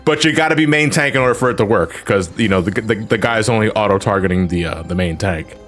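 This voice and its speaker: Rambling low-voiced man streaming a game. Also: fast talker, fairly bright tone, faint music behind. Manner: rambling, many restarts and fillers, swears freely. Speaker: streamer playing an online game. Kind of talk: casual gaming chat.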